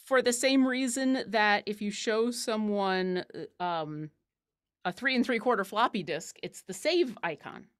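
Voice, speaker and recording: A woman's voice: medium pitch, measured pace. A woman co-hosting a livestream, chatting casually while painting miniatures, rambling and laughing often. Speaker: co-host of a painting stream.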